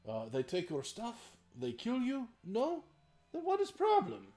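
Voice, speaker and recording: A man voicing a gruff male orc bandit in a put-on Russian accent, speaking broken English with blunt, mocking menace. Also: very high-pitched, huge pitch swings, a little slow, darkish tone, voice pushed up, exaggerated voice. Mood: mocking threat.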